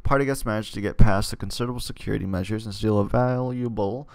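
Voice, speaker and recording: Gravelly man reading a game aloud. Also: fairly low pitch, fairly even intonation, quick pace, a little mellow. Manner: casual, self-correcting, joking asides.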